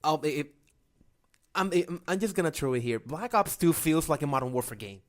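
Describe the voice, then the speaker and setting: A man's voice: fairly high pitch, animated, a little fast. A man co-hosting a casual gaming podcast, often stumbling and restarting his sentences. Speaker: podcast co-host.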